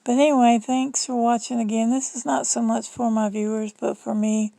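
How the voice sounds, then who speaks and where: A woman's voice: fairly high pitch, little pitch movement, moderate pace, vocal fry, warm tone, no echo, poor audio. A middle-aged woman with a Southern US accent, talking in a chatty, rambling, folksy way in a casual vlog monologue. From Southern United States. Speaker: vlogger.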